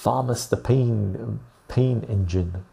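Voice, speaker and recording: A man hosts a podcast, chatting casually while reading the live chat. He is calm and unhurried, swears freely, and laughs often, in a gravelly, slightly rough voice of fairly low pitch.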